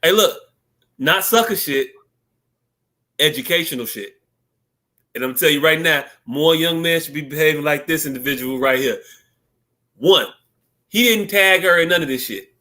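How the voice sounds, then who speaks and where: A man co-hosting a podcast, talking in animated, joking banter with drawn-out storytelling. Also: fairly high pitch. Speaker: podcast co-host.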